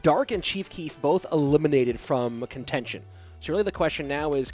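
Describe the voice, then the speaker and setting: A man calling a live esports match, easygoing and conversational, his voice sitting at an ordinary middle pitch. Faint music plays underneath the commentary. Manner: relaxed, chatty play-by-play. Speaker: esports caster.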